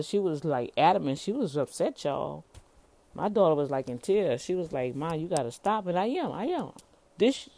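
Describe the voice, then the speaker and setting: A woman's voice: lowish voice, mellow. A middle-aged woman, an entrepreneur, giving a casual motivational rant in a preachy way, calling her listeners y'all and often repeating words.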